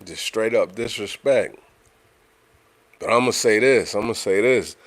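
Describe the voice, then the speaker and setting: Deep voiced guy, chatting loose on his livestream, dry sound, lots of you know what im sayin. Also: measured pace, no room sound. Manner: conversational, repeats himself, frequent "you know what I'm saying". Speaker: livestream host. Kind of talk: casual livestream talk.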